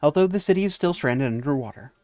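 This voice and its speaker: A man's voice: fairly high pitch, expressive, fast talker, a little mellow, no echo, clean studio sound. A man reading the lines of an anxious young woman police officer in a game, in an uneasy, questioning way.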